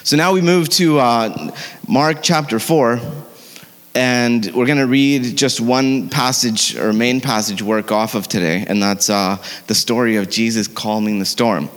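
A man's voice: mid-range voice, a little slow. Man preaching in a reverberant church hall. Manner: conversational, with fillers and self-corrections. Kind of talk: sermon.

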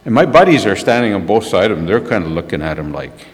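Male preacher, animated storyteller with a bouncing delivery, long hall reverb. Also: on the low side, fast talker, hardly any pauses. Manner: animated storyteller who laughs at himself. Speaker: preacher sharing a testimony. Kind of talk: storytelling sermon.

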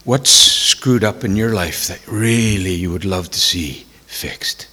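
A man telling a personal testimony in a sermon, emotional and tearful, dropping to hushed whispers and rising to loud exclamations. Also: low voice, unhurried, breathy edge, big-room sound. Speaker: preacher.

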